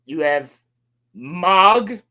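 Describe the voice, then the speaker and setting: A man co-hosting a casual podcast, recapping a show sarcastically and mocking the characters in quick put-on lines. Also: sits high, lively intonation, bright, forceful tone. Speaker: podcast co-host.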